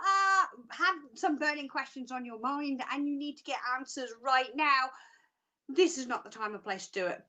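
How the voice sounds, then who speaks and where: Bubbly high-voiced woman presenter. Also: pushed and bright. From Australia. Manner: bubbly, chatty, self-mocking. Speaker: psychic show presenter. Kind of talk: live phone-in show presenting.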